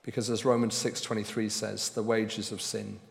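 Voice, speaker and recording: A man preaching a sermon as pastor, speaking slowly and deliberately and pressing hard on key words. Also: fairly low pitch, level tone, creaky, long reverb tail. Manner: slow and deliberate, with loud emphatic stresses.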